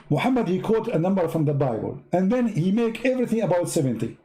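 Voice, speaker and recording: Very animated and quick, the male host barely pauses, his mellow voice sitting high. A native Arabic speaker with an Arabic accent, he gives sarcastic religious commentary in broken English, with broken grammar and repetitive counting.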